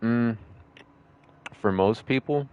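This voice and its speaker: A man's voice: medium pitch, slow pace, clear, resonant tone, phone-quality sound. A young man streaming live, chatting casually with his viewers while eating. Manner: eating while talking, munching.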